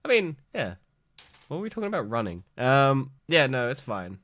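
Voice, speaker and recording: A man's voice: mid-range voice, sing-song, moderate pace, a bit bright, no echo. A young man co-hosting a podcast in a casual chat, teasing and laughing often. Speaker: podcast co-host.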